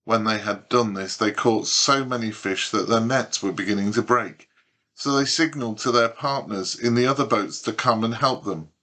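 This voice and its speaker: A man reading a Bible passage aloud in a measured, deliberate way. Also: lowish voice, bright, forceful tone. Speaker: scripture reader.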